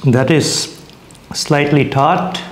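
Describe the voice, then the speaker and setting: A man's voice: a little high, steady tone, drawn-out words, slight background noise. A young man casually reviewing dishes as he eats, chatty and hesitant, restarting his sentences and talking with his mouth full. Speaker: food vlogger.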